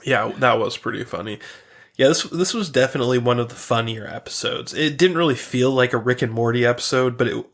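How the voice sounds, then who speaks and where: A man's voice: mid-range voice, a little fast, creaky, a bit bright. A man co-hosting a podcast, retelling a cartoon episode in casual chat, rambling with many fillers and swearing freely. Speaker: podcast co-host.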